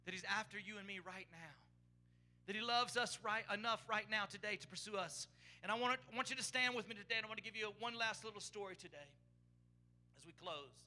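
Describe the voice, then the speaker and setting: A male pastor preaching a sermon in a church, impassioned, repeating words as he builds to shouted peaks. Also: high-pitched, brisk. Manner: impassioned preaching, rising to shouts on key phrases; repeats words and restarts while building emphasis. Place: church sanctuary.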